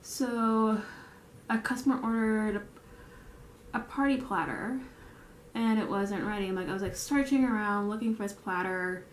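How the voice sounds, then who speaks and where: A woman's voice: mid-range voice, normal speed, long pauses, roomy sound, slight background noise. A woman telling rambling work stories while doing her makeup, full of restarts and fillers. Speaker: vlogger; bakery store worker. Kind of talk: get-ready-with-me chat while doing makeup.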